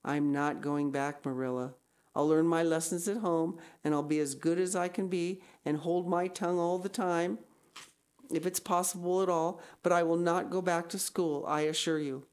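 A woman's voice: fairly low pitch, steady tone, moderate pace, darkish tone, smooth, lightly acted. A woman voicing a proud, stubborn schoolgirl who talks in an earnest, theatrical way. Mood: solemn stubborn.

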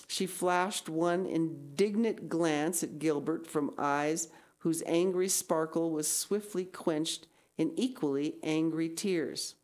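A woman's voice: sits low, slow, darkish tone. A woman reading a classic novel aloud, now and then breaking off into casual asides. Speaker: reader.

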